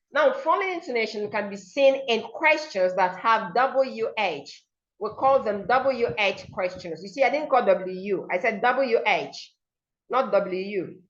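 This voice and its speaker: A woman with a Nigerian accent teaching diction in an online seminar, slowly modeling example sentences aloud over a video call. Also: mid-range voice, a bit bright. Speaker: diction coach. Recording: dull lo-fi call audio.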